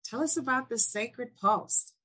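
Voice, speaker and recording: Woman podcast host, slow talker, a bit husky, keeps saying how good it is. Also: a little high, bright, forceful tone. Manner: slow, affirming, repeats praise. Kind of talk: casual interview chat.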